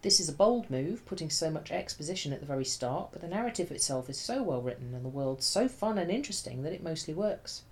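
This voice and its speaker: A woman's voice: low voice, sing-song, fast, hardly any pauses, a little mellow. A woman reading a scripted book review in a dry, wry, chatty manner.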